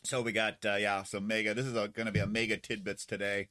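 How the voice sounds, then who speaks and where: A man co-hosting a casual livestream chat, talking in halting, rambling bits. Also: on the low side, flat delivery, bright, forceful tone. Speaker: co-host.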